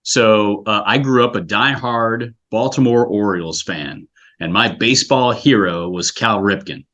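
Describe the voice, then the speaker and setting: A man's voice: on the low side, a little slow, fairly bright tone. A man from South Florida, a scouting executive director, talking earnestly and reflectively in an interview, often restarting his sentences. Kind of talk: casual interview chat.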